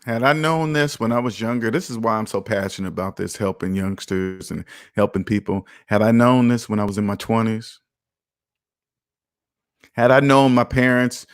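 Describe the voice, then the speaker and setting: Finance host, 30s male, mid-pitched, passionate and preachy, dry recording. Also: fairly even intonation, brisk, dry recording. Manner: passionate, preachy, repeats his points. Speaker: personal finance show host. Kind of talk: casual talk monologue.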